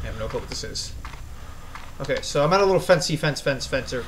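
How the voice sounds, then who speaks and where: Man, fairly high voice, horror let's play host, jumpy and foul-mouthed, faint hum behind. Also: fast, rough recording. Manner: jumpy, swears a lot, yells at the monster. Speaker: gaming channel host.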